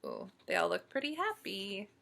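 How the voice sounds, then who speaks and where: A woman storyteller reading a picture book aloud to children, pausing to ask them questions. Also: medium pitch, gravelly. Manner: slow, animated, asks listeners questions.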